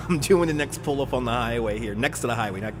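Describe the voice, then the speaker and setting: Sipping beer on his live stream, this man in his forties plays a truck simulator, answering chat and laughing a lot in easy conversation. He talks a little fast at medium pitch over a noisy background.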